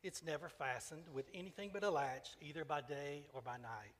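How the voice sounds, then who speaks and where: A merciful elderly bishop speaking with quiet solemnity, as read by a man. The voice sits slightly high. It carries a long hall reverb. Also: normal speed. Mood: gently solemn. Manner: calm, kindly, solemn.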